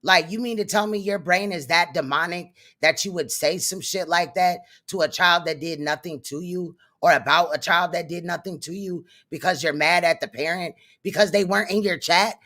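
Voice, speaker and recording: A woman's voice: fairly low pitch, normal speed, hardly any pauses, bright, forceful tone. A woman hosting reaction commentary, scornful and mocking. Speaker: commentary host.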